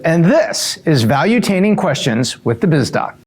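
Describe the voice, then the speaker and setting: A middle-aged man from the US East Coast answering quick questions in a casual, upbeat way, with fillers and self-corrections. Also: a little high, big pitch swings. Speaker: show regular answering rapid-fire questions.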